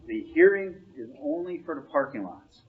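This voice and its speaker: A man's voice: a little high, sing-song, moderate pace, breathy edge. A man advising a board on finances, laying out the figures in a plain, matter-of-fact way. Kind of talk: briefing to a board. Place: board meeting room. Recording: dull meeting-room recording.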